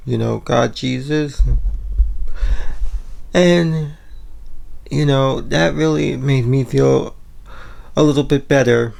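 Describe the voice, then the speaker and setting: A man's voice: mid-range voice, creaky, a little mellow. A man talking casually in a home vlog, rambling with lots of "you know" and "like" fillers. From Puerto Rico. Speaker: vlogger. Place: home, kitchen and bedroom.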